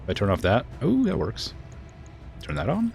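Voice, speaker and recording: A man's voice: medium pitch, wildly swooping pitch, moderate pace, creaky, a little mellow, faint music behind. A male streamer chatting casually and laughing as he plays a mech strategy game. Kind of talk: casual let's-play chat.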